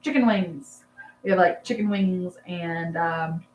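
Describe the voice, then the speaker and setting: A woman's voice: on the low side, slow pace, muffled recording. Young woman rambling on a livestream, lots of ums, echoey room with a faint hum behind her. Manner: rambling, chatty, lots of "um"s, laughs with the chat. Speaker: livestream host chatting with viewers. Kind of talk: casual live chat.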